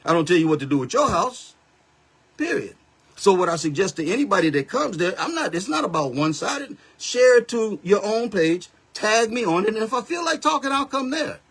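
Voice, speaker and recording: Older man in his seventies, husky voice, slightly high pitch, blunt confrontational livestream rant. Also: fairly bright tone. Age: 70s. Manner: blunt, confrontational street talk. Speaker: pastor and livestream host. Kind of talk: heated Facebook live rant. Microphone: phone or webcam livestream.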